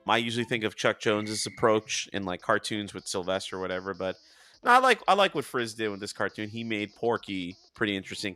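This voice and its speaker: A man with a New Jersey accent, an animated and enthusiastic guest in a casual chat. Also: fairly low pitch. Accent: New Jersey / New York area. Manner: animated, enthusiastic, laughs easily.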